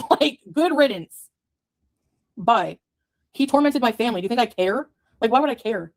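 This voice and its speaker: A woman rants furiously straight at the camera, cursing and sneering at the people who attack her online. Her voice sits a little high for a woman, and the delivery stays scornful and heated throughout. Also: expressive, normal speed. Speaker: vlogger in a played clip. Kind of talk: angry profane rant to the camera.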